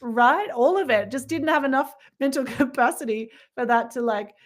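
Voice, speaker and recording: A woman's voice: high-pitched, normal speed. A woman co-hosting a podcast in casual spiritual chat, reflective and rambling, with many fillers and restarts. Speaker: podcast co-host.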